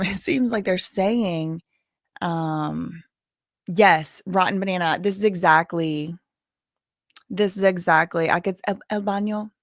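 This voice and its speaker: A woman's voice: lowish voice, dry recording, clean studio sound. A woman hosting a livestream, chatting casually and rambling off on tangents. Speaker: livestream host.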